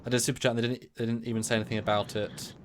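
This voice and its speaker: A man co-hosting a casual livestream chat, rambling with many restarts and quick asides. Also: mid-range voice, flat delivery, slight background noise. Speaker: co-host.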